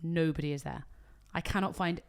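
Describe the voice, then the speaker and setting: A British woman and wedding coordinator, co-hosting a podcast and telling an animated story full of acted-out quotes. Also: sits low, brisk, gravelly. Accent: British English. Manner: animated storytelling, acts out quotes, swears casually. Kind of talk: casual chat, storytelling.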